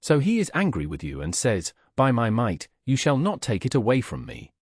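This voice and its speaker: A man narrating an audiobook in a solemn, measured reading voice, voicing the quoted speakers as he goes. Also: medium pitch, wildly swooping pitch, breathy edge, dry recording, clean studio sound.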